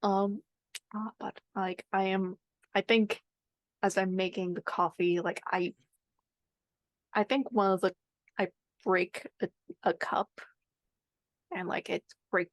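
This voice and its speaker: A woman in a tabletop game who rambles and restarts often as she describes scenes. Her pitch sits mid-range. The sound is dry and close. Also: fairly even intonation, slow, long pauses, no echo. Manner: rambling, lots of fillers and restarts. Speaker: player.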